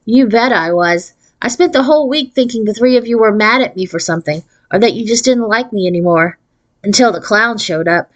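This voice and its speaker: A woman voicing a sharp, teasing fifth-grade girl in a storybook read aloud. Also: on the high side, animated, a little fast, lightly acted.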